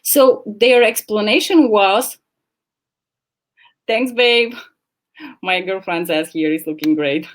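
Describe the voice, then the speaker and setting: Chatty woman on a laptop livestream, talks blunt, swears a bit, middle pitch. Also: slow, pauses often. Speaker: livestream host. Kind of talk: casual chat. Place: home, at a laptop. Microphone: laptop camera mic.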